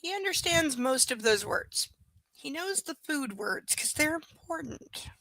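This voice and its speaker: A woman's voice: high-pitched, lively intonation, a little slow, gravelly, sharp tone, no room sound, poor audio. A woman chatting casually on a live stream, rambling and playful, sometimes slipping into baby talk with her pets. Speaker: streamer reading aloud.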